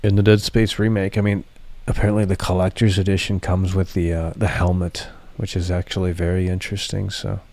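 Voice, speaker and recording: A man's voice: sits low, little pitch movement, a little fast, few pauses, darkish tone, no room sound. A man streaming live, chatting casually to his viewers, rambling and swearing freely. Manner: profane, rambling, talks to chat. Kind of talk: casual livestream chat.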